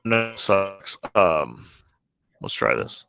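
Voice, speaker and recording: A man hosting a casual chat over a video call from his phone, halting and restarting his sentences. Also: sits low, sing-song, creaky, pushed and bright, clear, resonant tone, no echo, soft background music. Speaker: podcast host.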